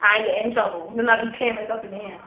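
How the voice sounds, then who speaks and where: A teenage girl joking loudly in slang, filming a casual video on her phone. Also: mid-range voice, fairly even intonation, fast. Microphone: phone camera. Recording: echoey lo-fi phone recording with hiss.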